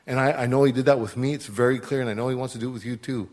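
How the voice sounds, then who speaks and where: A middle-aged man giving a heartfelt missionary testimony, halting and stumbling over his words. His voice sits at a medium pitch for a man. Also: fairly even intonation, darkish tone. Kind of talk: testimony in church.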